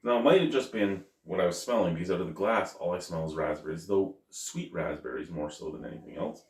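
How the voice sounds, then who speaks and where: Man, lowish voice, casual beer-review vlogger, rambling and self-correcting, recorded a bit off-mic in an echoey room. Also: brisk. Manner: chatty, self-correcting, thinks aloud. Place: at home. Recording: roomy, mic at a distance.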